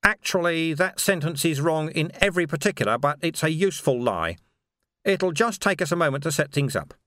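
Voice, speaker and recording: A man voicing a calm, patient old male monk who speaks in a matter-of-fact way. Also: a little high, brisk, no echo, clean studio sound, voice pushed up.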